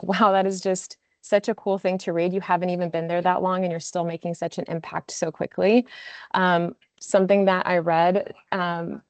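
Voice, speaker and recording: A woman hands out awards over a video call, her lower voice emotional and full of "um" fillers. The sound is dry and close, with almost no room around it. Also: no echo. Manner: emotional, filler-heavy, warm praise with frequent "um". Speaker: award presenter.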